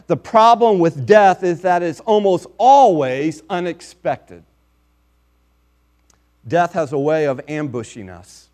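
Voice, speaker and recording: Male preacher, high register, emphatic measured sermon delivery. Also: darkish tone.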